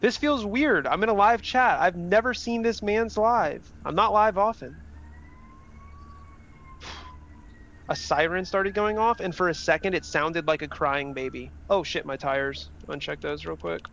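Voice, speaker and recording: Pitch swooping wildly, a young man with a high, fairly bright voice talks a little slowly while streaming a sim race. He chats casually with his chat, reads messages aloud, and swears freely. The stream audio is dull and slightly lo-fi.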